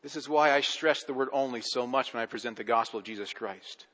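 A male pastor preaching a sermon with rising intensity and dramatic pauses. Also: mid-range voice, fairly bright tone. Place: church sanctuary. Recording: long reverb of a church hall.

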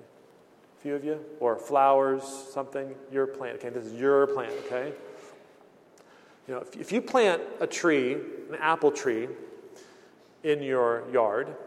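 A man preaching a sermon as pastor, earnest, acting out the voices he quotes and often restarting his words. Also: mid-range voice. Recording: long hall reverb.

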